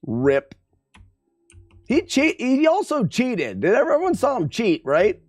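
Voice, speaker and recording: A man's voice: very high voice, huge pitch swings, slow, darkish tone, dry recording, clean studio sound. A man streaming a game live, talking to his chat with playful trash talk. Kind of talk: live gameplay commentary to chat.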